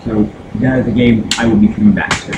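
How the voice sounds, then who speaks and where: An American gaming streamer chats casually while playing retro games, rambling fast with lots of fillers and restarts. His voice is lowish with fairly even intonation, and heavy background noise sits under it.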